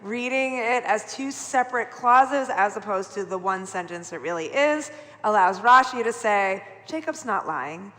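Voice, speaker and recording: A middle-aged woman teaches a Torah study group in a loose, chatty way, tossing "right?" at the listeners. Her voice sits at a middle pitch. It rings with the long reverb of a large sanctuary. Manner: chatty, animated, peppered with "right?". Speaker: rabbi leading Torah study. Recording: long hall reverb from a live broadcast.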